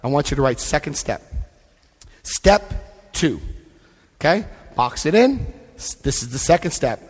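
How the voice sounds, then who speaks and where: A Floridian man speaks live to a recovery convention audience in a large hall, emphatic and direct as he guides them through book pages, often checking in with "Okay?". His voice is fairly high, very animated, measured in pace, and slightly rough, with a long hall reverb.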